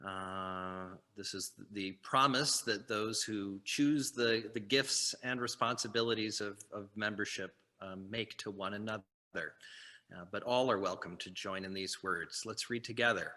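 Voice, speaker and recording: A man leading an online worship service over a video call, unhurried and pausing often on fillers. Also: on the low side, pushed and bright. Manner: unhurried, with frequent fillers and restarts. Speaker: minister.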